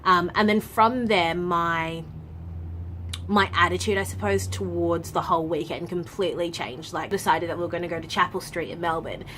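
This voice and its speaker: A young woman tells a story to her vlog camera in a loose, chatty way, sprinkled with "like" and casual swearing. Her voice sits a little low for a woman. A faint hum of room noise lingers behind her. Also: moderate pace, a bit bright. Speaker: vlogger.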